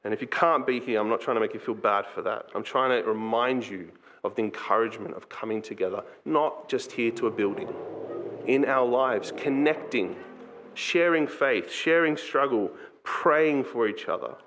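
Man, pastor, sermon, earnest, conversational, mid-pitched voice. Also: moderate pace, a bit bright, a little hiss or hum. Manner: earnest, conversational preaching with acted asides.

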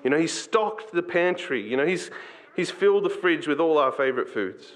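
A man preaching a sermon as pastor, earnest and conversational, slipping into quick acted asides. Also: on the high side, animated.

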